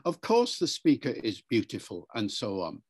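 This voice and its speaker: Man, professor, explanatory, measured, teacherly, mid-pitched, interview guest. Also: breathy edge. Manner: lively storytelling, acts out quoted speakers; measured, lecturing delivery.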